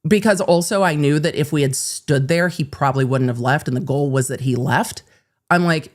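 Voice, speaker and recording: A woman host telling a story casually to camera, blunt and animated, swearing freely and acting out both sides of the conversation. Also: low voice, moderate pace. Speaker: host and lawyer.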